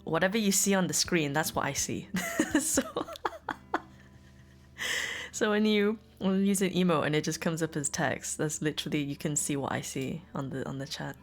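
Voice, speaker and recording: A woman's voice: deep voice, expressive, moderate pace, soft background music. Giggly woman streaming. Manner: giggly, playful, chatty with chat. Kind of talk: casual live-stream chat. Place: home room.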